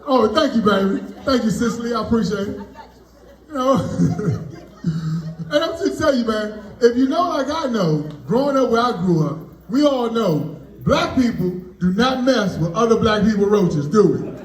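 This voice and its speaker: A man performing stand-up comedy. He has a very high voice, throws out loud, animated punchlines and bantering with the audience. The sound carries an echo from a room at a live party. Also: moderate pace, some chatter behind. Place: party venue, indoors.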